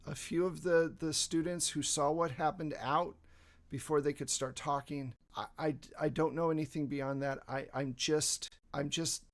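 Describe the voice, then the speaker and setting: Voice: mid-range voice, sing-song, moderate pace, gravelly, few pauses, voice pushed up. Give me a game master voicing a stammering male lackey begging to be let go. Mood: pleading. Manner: stammering, pleading. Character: panicky male cult lackey thug.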